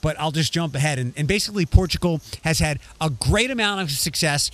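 On this casual discussion podcast, the co-host rambles, frequently starts his sentences over, and reads out bits of news. He's a man whose voice sits on the high side, fairly quick and fairly bright.

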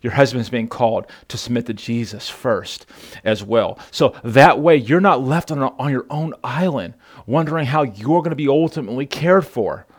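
A man's voice: mid-range voice, normal speed. A male pastor preaching a sermon, emphatic, repeating words and asking the congregation questions.

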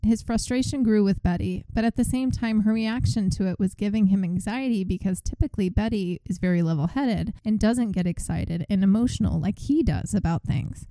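A woman's voice: medium pitch, a little fast, few pauses, no room sound, poor audio. A woman podcast host casually retelling a story and acting out its quotes. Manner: animated retelling, reenacts quotes.

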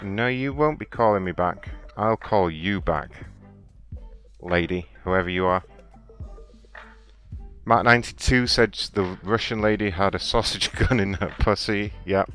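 A man hosting a prank call show, talking in deadpan, provocative banter. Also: fairly low pitch, moderate pace, soft background music. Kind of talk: casual live-show chat and prank calls. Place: home room.

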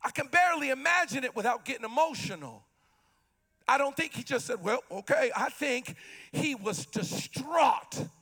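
A male pastor preaching an impassioned sermon, shouting and calling out to the congregation. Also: very high-pitched, expressive, moderate pace, husky.

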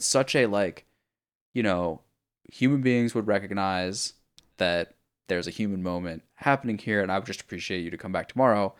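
Deep-voiced and clean-toned, this man speaks at normal speed while co-hosting a podcast. In a casual chat about a video game, he recounts a story in a rambling, profane way packed with fillers.

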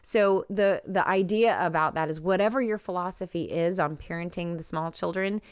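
A middle-aged woman hosts a podcast and gives casual, earnest advice, often pausing on "um." Her voice sits low and sounds smooth and clear. The recording is dry and close, with no room echo. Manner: earnest, frequent "um" fillers. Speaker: podcast host.

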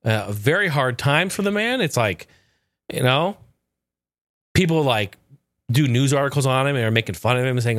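A man's voice: medium pitch, expressive, normal speed, long pauses, fairly bright tone, no room sound, clean studio sound. A man in his thirties or forties ranting sarcastically, swearing a lot and acting out other people's quotes. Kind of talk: profane ranting commentary.

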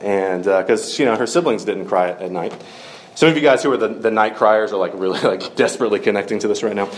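A man's voice: lowish voice, quick pace. Casual man preaching with lots of fillers. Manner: conversational, many fillers like "like" and "um". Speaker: campus minister preaching. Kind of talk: casual storytelling sermon.

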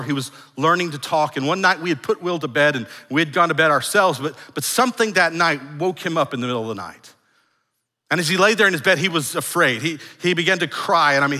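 A middle-aged man preaching a sermon as pastor, earnest, moving from raised emphasis to hushed, soft lines and often restarting his phrases. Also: a little high. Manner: repeats words and restarts phrases. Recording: long hall reverb.

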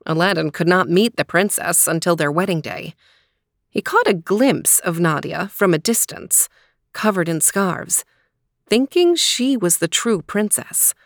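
A woman narrating a fairy tale in a clear, expressive storybook reading. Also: fairly low pitch, unhurried, no room sound, studio quality.

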